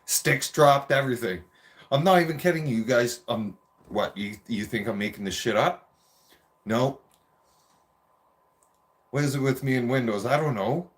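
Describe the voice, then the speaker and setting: A man's voice: mid-range voice, normal speed, long pauses. A man in his forties telling a rambling, profane childhood story in a casual rant.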